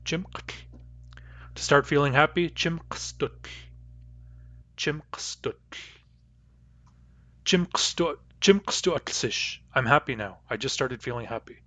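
A man teaching a language lesson, repeating each example word slowly and carefully. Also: fairly high pitch, animated, sharp tone, dry recording. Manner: slow, careful repetition of example words.

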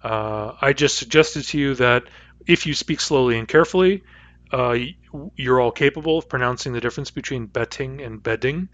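A man's voice: mid-range voice, normal speed, fairly bright tone. Man giving a patient phonetics lecture. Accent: West Coast North American. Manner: patient, demonstrates sounds aloud. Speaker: linguistics lecturer. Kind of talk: recorded lecture. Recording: dull dry lecture recording.

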